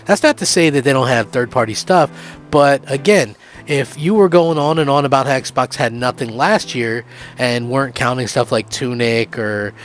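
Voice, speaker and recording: A man hosting a gaming channel, giving excited, rambling opinion commentary with lots of fillers. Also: mid-range voice, moderate pace, soft background music.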